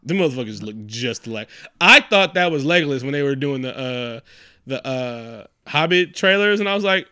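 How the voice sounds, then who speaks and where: Casting: male podcast co-host, lively and crude, bright forceful voice, dry close sound. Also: medium pitch, normal speed, clear, resonant tone, dry recording. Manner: animated, profane, acts out quotes in silly voices. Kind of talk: casual movie recap chat.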